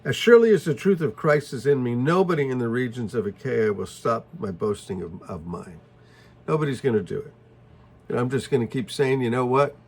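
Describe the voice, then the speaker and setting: A man's voice: mid-range voice, expressive, brisk, a little mellow, slightly rough. A male pastor teaching through a Bible passage, reading verses aloud and explaining them in a casual, emphatic way. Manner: emphatic, reads scripture then explains it casually. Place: church.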